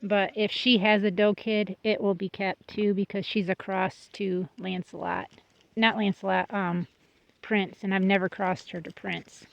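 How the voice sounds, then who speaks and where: A woman's voice: medium pitch, flat delivery, a little slow, gravelly. Woman chatting away while showing off her goats, kinda muffled phone audio, goats around. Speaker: goat breeder. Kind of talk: casual vlog tour. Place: outdoors in a goat pen. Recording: slightly dull lo-fi sound.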